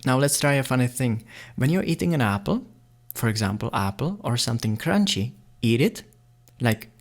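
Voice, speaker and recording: A man's voice: medium pitch, normal speed. Playful man explaining beatbox sounds. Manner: playful, excitable, laughs often. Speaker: beatbox tutor. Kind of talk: casual tutorial explanation.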